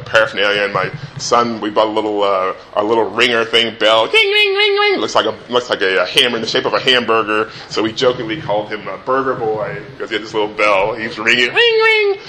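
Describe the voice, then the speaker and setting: A middle-aged father telling a personal anecdote in a relaxed, animated way, acting out the voices. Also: lowish voice, a little hiss or hum. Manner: animated, acts out the voices in his story. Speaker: storyteller.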